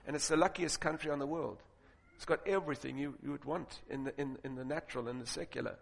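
A man preaching a sermon, telling stories and building to loud, emphatic points. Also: mid-range voice, fast talker, vocal fry. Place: large auditorium with audience. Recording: long reverb of a large hall.

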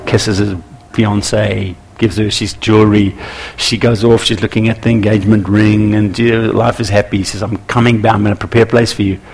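A man preaching a sermon to church leaders, animated and acting out little scenes with voices. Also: lowish voice, brisk, gravelly, breathy edge. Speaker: pastor.

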